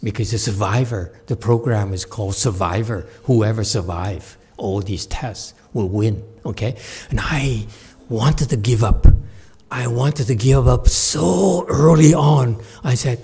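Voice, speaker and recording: A man giving a Buddhist Dharma talk as a Chan master, telling a story with lively acted-out quotes. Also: mid-range voice, a little slow, husky. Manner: animated storyteller who acts out quoted speech and laughs at his own jokes.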